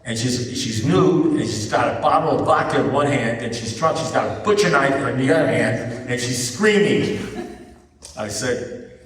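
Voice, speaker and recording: A man's voice: medium pitch, lively intonation, normal speed, recorded from a distance. Man telling stories in an echoey hall. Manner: conversational, keeps asking "you know what I mean?". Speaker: speaker at a recovery meeting. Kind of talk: storytelling talk to an audience. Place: large meeting hall with an audience. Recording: echoey hall, mic heard from afar.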